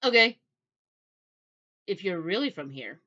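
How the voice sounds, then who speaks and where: A woman's voice: fairly low pitch, sing-song, unhurried, pushed and bright, lo-fi sound, full character voice. A woman voicing a suspicious young 1940s soldier. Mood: pressing. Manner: pressing, insistent questioning.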